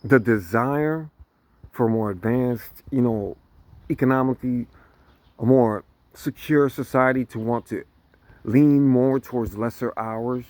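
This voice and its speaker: In a dry recording, a vlogger with a medium-pitched, unhurried voice rants casually to camera. He stays animated, curses constantly, and laughs often between lines.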